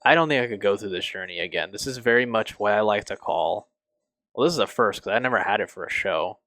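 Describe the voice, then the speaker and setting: A young man reviewing a TV show on his channel, emotional and halting, swearing often and restarting his sentences. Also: lowish voice, lively intonation, a bit bright, no room sound. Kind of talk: casual review.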